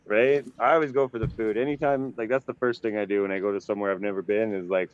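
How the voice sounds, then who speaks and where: Co-host, man from Canada, low voice, easygoing chatter, muffled call audio. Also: steady tone, fast talker, clear, resonant tone. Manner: laid-back, laughs easily, chatty. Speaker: podcast co-host. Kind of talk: casual chat. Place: home, near a deck.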